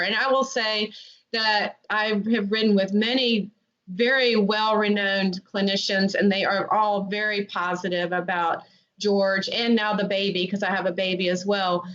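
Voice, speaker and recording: A woman's voice: mid-range voice, fairly bright tone. A woman talking earnestly and at length as a guest in a casual podcast interview, often restarting her sentences. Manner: earnest, chatty, many restarts. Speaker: interview guest, amateur dressage rider. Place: North Carolina resident. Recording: dull lo-fi podcast audio.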